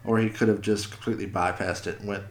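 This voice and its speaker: Low-voiced man, swearing casually. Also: fairly even intonation, quick pace. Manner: swears freely, tells stories with quoted voices. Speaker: podcast co-host. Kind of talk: casual chat.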